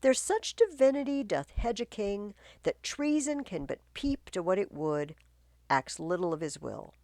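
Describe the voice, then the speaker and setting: A woman's voice: medium pitch, very animated, unhurried, mellow, dry recording, studio quality. Claudius, a woman reading a scheming king. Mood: commanding. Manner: commanding, declaimed verse. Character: anxious, scheming middle-aged king.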